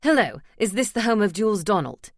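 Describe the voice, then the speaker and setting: A woman's voice: medium pitch, sing-song, brisk, dry recording, clean studio sound. A woman voicing a polite, official man calling from a hospital, in a storybook. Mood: formal. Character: formal male hospital caller on phone.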